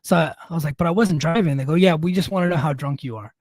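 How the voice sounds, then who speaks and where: Middle-aged male podcast co-host, higher-pitched voice, dry close sound, profane and self-mocking storyteller. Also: fast, a little mellow, no room sound. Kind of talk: casual storytelling.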